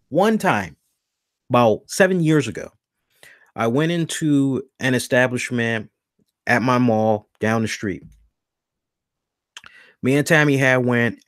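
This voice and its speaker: A man in his thirties tells a story on his podcast in an animated, casual rant. His mid-range voice swings widely in pitch as he acts out each person in the story, with the odd curse thrown in. The recording is dry and close, with no room sound. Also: dry recording. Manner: animated, acts out quoted dialogue with big pitch jumps, swears. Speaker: podcast host.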